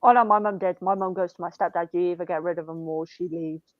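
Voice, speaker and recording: A woman's voice: on the low side, steady tone, quick pace, dry recording, highs cut off. A young woman in casual chat, telling rambling family stories full of swearing and "I'm like".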